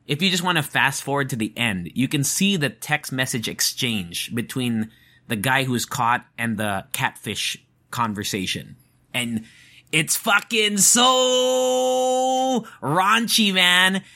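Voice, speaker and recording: A man with a bright, clear voice chats casually to his listeners. He rambles and restarts his sentences often, sounding animated and incredulous. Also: mid-range voice. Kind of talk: casual monologue.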